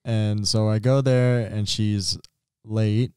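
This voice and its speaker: Young male podcast co-host, relaxed rambling storyteller, mellow low voice. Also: slow pace, clear, resonant tone, dry recording, clean studio sound. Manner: laid-back storytelling with frequent fillers. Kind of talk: casual chat.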